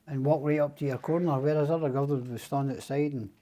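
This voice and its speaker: An older Scottish man talks in a loose, rambling storytelling way, swearing freely and acting out the voices of the people in his tales. His tone is dark and mellow, with nothing bright or sharp in it. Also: a little high, steady tone, quick pace. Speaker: podcast guest. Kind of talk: casual storytelling.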